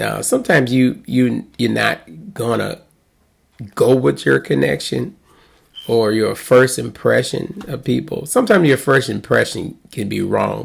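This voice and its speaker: A man's voice: medium pitch, gravelly, slightly rough. A middle-aged man, a pastor, casually telling a rambling story with chuckles and restarts. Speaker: pastor and host.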